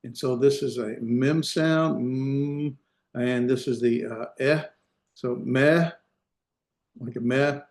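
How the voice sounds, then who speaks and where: A man's voice: medium pitch, roomy sound. A man teaching an online class, explaining step by step with patient repetition and many fillers, heard over a video call. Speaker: Hebrew instructor.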